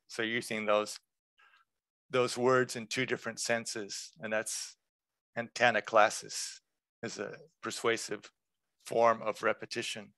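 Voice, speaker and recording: A man presenting a workshop lecture in a relaxed, conversational way, explaining terms with examples. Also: lowish voice, unhurried, no echo.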